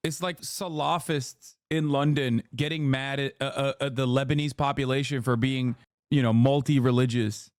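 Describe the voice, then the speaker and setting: A man's voice: mid-range voice, steady tone, moderate pace, no room sound, clean studio sound. A man hosting a stream, reacting with profane, emphatic commentary. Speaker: streamer host.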